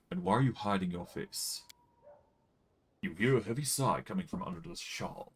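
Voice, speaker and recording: A man's voice: sits low, normal speed, husky. A man streaming a fantasy role-playing game, casually thinking aloud and narrating the game's text. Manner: relaxed, thinking aloud with fillers.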